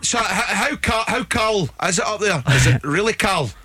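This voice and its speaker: A Scottish man co-hosting breakfast radio, animated and laughing, speaking in broad dialect. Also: high voice, moderate pace, soft background music. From Scotland. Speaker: radio co-host.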